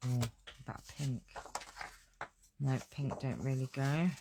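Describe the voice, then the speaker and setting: A woman's voice: extremely low pitch, slow, creaky, background noise. A woman teaching a card-making tutorial, chatting to herself and scattered as she works. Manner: chatty, talks to herself while working, scatterbrained. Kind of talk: hands-on craft tutorial.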